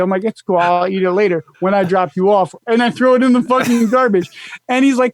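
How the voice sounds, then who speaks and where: High-voiced man telling a rowdy story. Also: moderate pace, slight background noise. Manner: swears freely, laughs through an animated story. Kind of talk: casual storytelling chat.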